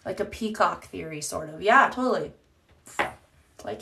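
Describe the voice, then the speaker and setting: A woman in her thirties chats casually on a phone live stream from her home. Her voice sits in a middle pitch, and she swears freely and laughs often as she talks. A faint hiss lies under the phone recording. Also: lively intonation, moderate pace, gravelly. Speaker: livestream host. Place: home, indoors.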